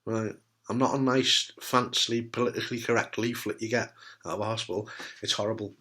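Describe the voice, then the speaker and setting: Speaking briskly in a fairly low, steady voice that sounds pushed and bright, a middle-aged British testicular cancer survivor offers advice straight to camera. He's frank and humorous, cursing offhandedly and tossing in lots of "right?"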